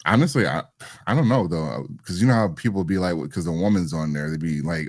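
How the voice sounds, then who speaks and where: A man co-hosting a podcast, reacting to a viral clip in animated, emphatic casual commentary. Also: deep voice, fast, no echo, clean studio sound. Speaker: podcast co-host.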